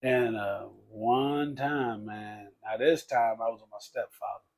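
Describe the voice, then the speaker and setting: A man telling his life story in a casual podcast conversation, talking loosely and dropping low to quote others. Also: a little slow. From Texas. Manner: conversational, peppers speech with "man" and "bro", drops low for quoted speech. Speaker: podcast guest.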